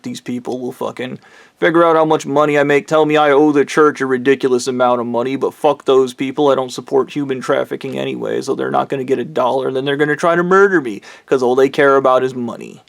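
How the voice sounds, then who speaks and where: Gravelly, angry man ranting. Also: mid-range voice, no room sound. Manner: angry, bitter, heavy swearing. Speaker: vlogger. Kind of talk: profane personal rant.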